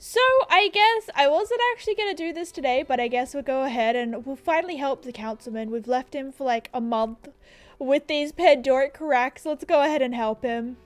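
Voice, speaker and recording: A woman's voice: high-pitched, normal speed, no echo. A young Australian woman in her twenties, giving casual, self-deprecating gameplay commentary into a desk microphone in her apartment, laughing often. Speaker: gaming YouTuber. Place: apartment room.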